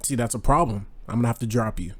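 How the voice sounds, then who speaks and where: A man's voice: medium pitch, quick pace. A man co-hosting a casual podcast, arguing his points in blunt, slangy talk. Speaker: podcast co-host. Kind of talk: casual chat.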